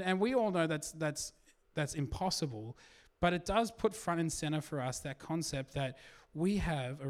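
Pastor guy giving an earnest sermon, pretty high voice, really clean and clear. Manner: earnest, emphatic preaching.

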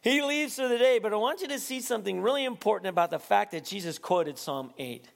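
An animated male preacher with a fairly high, light voice, building from quiet reflection to near-shouting. He laughs often as he preaches. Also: a little fast, gravelly. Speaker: pastor. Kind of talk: sermon.

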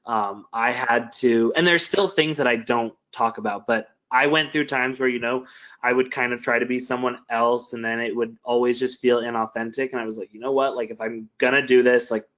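A man's voice: medium pitch, steady tone, fairly quick, a bit bright. A man talking openly and earnestly in casual conversation, rambling with many fillers. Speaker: mentor and teacher. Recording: slightly dull lo-fi sound.

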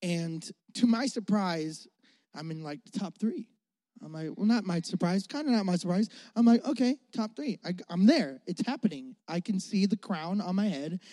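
A man's voice: high voice, moderate pace, no room sound, clean studio sound. A young man preaching as a pastor, telling a funny childhood story and acting out his younger self. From Florida. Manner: animated, jokey, acts out his younger self. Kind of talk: comic sermon storytelling.

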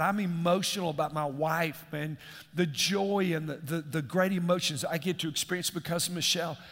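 A middle-aged man preaches a sermon in a fairly high voice. He keeps asking his congregation questions as he speaks. His voice rings out with the long reverb of a large church hall. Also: a bit bright. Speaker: pastor.

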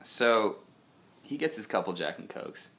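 Young male co-host, deep voice with a bright edge, rambling storyteller. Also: lively intonation, unhurried. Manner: rambling anecdotal storyteller, quoting others in his own voice. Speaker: podcast co-host. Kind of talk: casual storytelling chat.

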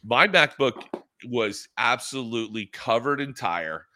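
A man's voice: mid-range voice, unhurried, a little hiss or hum. A middle-aged man co-hosting a casual racing talk show on a video call, telling rambling stories with lots of restarts. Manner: rambling storyteller, animated, many restarts. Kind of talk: casual chat. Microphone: laptop built-in camera mic on a video call.

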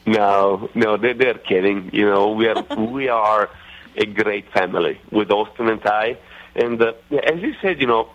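A middle-aged man with an Italian accent, talking as a guest in a radio interview, halting and full of fillers and restarts. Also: fairly low pitch. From Italy. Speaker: racing driver guest. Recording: muffled lo-fi radio sound.

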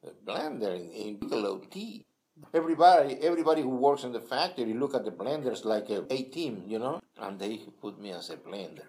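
An older man from Peru, a native Spanish speaker with a Peruvian Spanish accent, telling his life story in halting English with many restarts at a kitchen table. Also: mid-range voice, lively intonation, warm tone. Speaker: interviewee. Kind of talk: casual storytelling.

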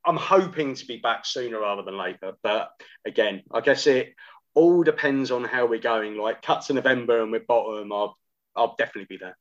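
A man's voice: medium pitch, fairly quick, highs cut off. A man as a podcast guest, telling casual anecdotes with quoted asides. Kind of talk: casual chat.

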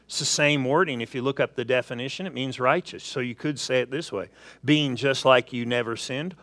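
A man's voice: medium pitch, no echo. A man preaching a sermon, telling everyday stories and acting out little asides to make his points. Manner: animated storytelling with acted asides.

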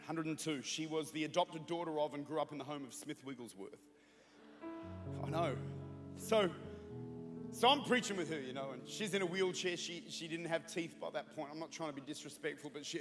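A high-pitched man in his thirties preaches to a church, joking through a story before rising into fervent prayer. His voice rings through a large hall with long reverb. Music plays clearly behind him. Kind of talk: sermon with storytelling.

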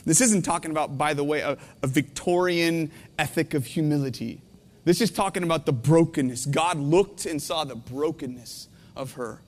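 A man in his thirties preaching a heartfelt sermon, tearful, his voice swinging between hushed and intense. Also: a little high, moderate pace, in a large hall. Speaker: pastor. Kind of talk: emotional sermon.

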